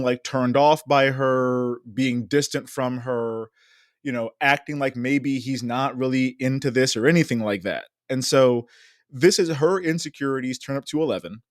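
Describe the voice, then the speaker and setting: A man's voice: medium pitch, normal speed, dry recording, clean studio sound. Candid man co-hosting a podcast. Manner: candid, swears, rambles with restarts. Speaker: podcast co-host. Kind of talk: casual reality-show recap chat.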